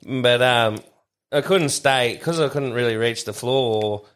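Laid-back Australian guest, self-mocking. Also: male voice, mid-range voice, measured pace, a bit bright, smooth. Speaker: podcast guest. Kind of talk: casual chat, storytelling.

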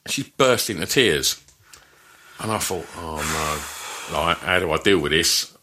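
A man's voice: sits low, measured pace. A man telling a story in casual chat, laughing and swearing as he goes. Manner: animated, laughs through his story, swears freely. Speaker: podcast guest telling a story.

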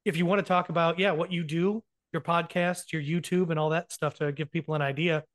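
A man's voice: fairly high pitch, fairly even intonation, fairly quick. A man hosting a folklore podcast, introducing his guest with enthusiastic praise. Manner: warm, enthusiastic introductions, fond of y'all. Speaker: podcast host.

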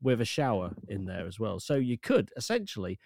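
Chatty man, lively and dry. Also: on the low side, fairly quick, gravelly, dry recording. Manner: chatty, self-deprecating, storytelling with asides. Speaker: podcast co-host. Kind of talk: casual chat.

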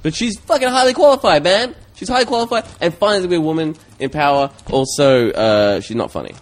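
A man's voice: on the high side, animated, fast. A man hosting a comedy podcast, chatting casually, opinionated and sweary.

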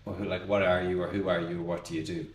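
A podcast host talks casually in a pub, his low voice flat and rapid-fire, rambling until he loses his train of thought. The room sounds roomy, with faint pub ambience behind him.

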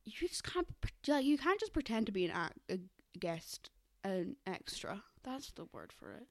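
A woman co-hosting a podcast in casual chat, animated and giggly with quick asides. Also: medium pitch, no echo, studio quality. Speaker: podcast co-host.

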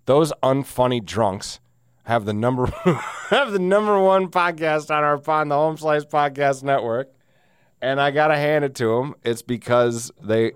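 A man's voice: on the low side, smooth, no echo, clean studio sound. A man hosting a casual solo podcast, rambling and sardonic with frequent laughs, wheezing through a sinus cold. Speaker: podcast host.

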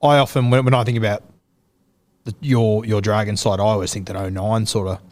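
An Australian man hosting a sports podcast and lobbing casual, matey questions. His voice is fairly low, and he fills the gaps with easy fillers. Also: fairly even intonation, brisk, darkish tone. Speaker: podcast host. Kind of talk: casual interview.

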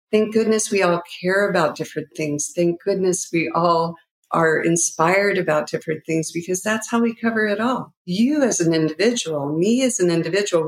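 A middle-aged woman who founded a nonprofit speaks as a guest in an interview, heartfelt, emotional, and rambling. Her voice is lowish and the sound is roomy.

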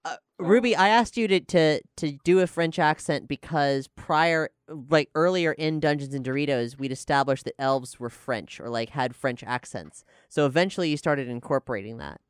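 Podcast host, game master, rambling, swears a lot, smooth clear voice, dry close sound. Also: medium pitch, normal speed, hardly any pauses, no echo. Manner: rambling, self-interrupting, swears freely. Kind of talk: casual podcast chat.

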